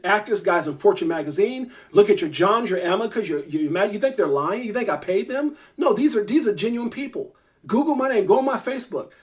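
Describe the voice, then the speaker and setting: A man, a crypto YouTuber, ranting to camera, irritated, emphatic and repetitive. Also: sits high. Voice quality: fast, emphatic, repeats himself. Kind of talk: heated rant to camera.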